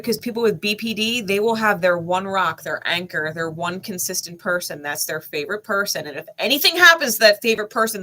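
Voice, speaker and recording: A woman's voice: medium pitch, sharp tone. A woman in her thirties telling a personal story candidly, blunt and emphatic with heavy swearing. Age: 30s. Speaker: spiritual channel host.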